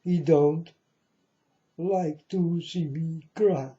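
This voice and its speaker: Man, self-styled prophet, unhurried and sorrowful delivery, speaks slightly high, muffled low-fidelity sound. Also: fairly even intonation, dark tone. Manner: slow, mournful, repeatedly addresses listeners as folks. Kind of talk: prophetic warning monologue. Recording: dull lo-fi audio.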